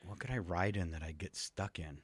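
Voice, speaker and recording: A man's voice: low-pitched, slightly rough, no echo. A man co-hosting a morning radio show, bantering and teasing through a trivia game from a studio microphone. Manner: joking, teasing, quick to laugh.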